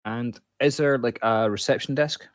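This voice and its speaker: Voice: mid-range voice, moderate pace, no room sound. Hesitant player at a tabletop game. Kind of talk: casual tabletop play.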